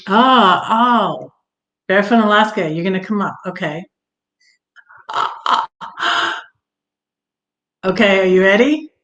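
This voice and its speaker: Woman hosting a livestream, slow, roomy. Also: on the low side, a bit bright. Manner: scattered, unsure of the tech, sympathetic. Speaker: livestream host. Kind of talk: casual live-stream chat. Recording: roomy echo.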